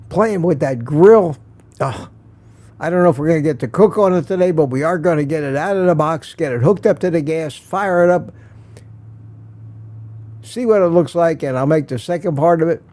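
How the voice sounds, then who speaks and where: Guy doing a chill morning live stream, kinda high warm voice, chuckles a lot while he rambles. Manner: rambling storyteller, chuckles often; reads and answers viewer comments. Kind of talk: casual live-stream chat.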